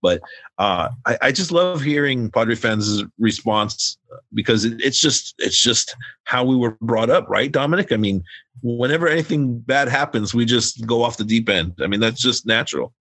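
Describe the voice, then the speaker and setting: A man hosting a casual sports chat, animated, chuckling and repeating words as he talks. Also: mid-range voice, moderate pace, no room sound. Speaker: podcast host.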